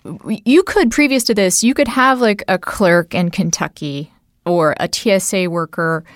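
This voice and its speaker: Woman on a politics podcast, animated, pitch jumps up a lot, says like and you know, dry mic. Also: no room sound. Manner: animated, rising emphasis, quick laughs, many "like" and "you know". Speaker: podcast co-host. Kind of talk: political discussion.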